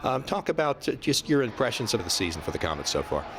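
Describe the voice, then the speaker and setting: A man interviewing a guest, asking questions in a conversational, gently prompting way. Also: medium pitch, big pitch swings, fast talker, a little hiss or hum.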